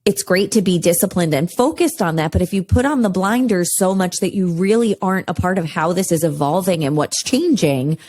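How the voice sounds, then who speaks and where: A woman's voice: on the low side, lively intonation, fairly quick, hardly any pauses, darkish tone. A woman hosting a podcast, thinking aloud in reflective casual chat. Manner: reflective, uses many fillers. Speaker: podcast host.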